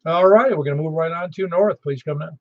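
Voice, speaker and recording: A man's voice: fairly high pitch, quick pace. A man hosting a ham radio net in a chatty, easygoing way. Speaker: net control host. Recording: muffled radio audio.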